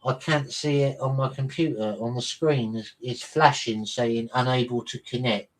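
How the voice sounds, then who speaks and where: A man hosting a relaxed livestream, reading entries aloud from a reference book. He reads slowly and haltingly, stumbling over words and repeating them. He breaks off now and then to greet viewers in chat, and his pitch sits in the middle range.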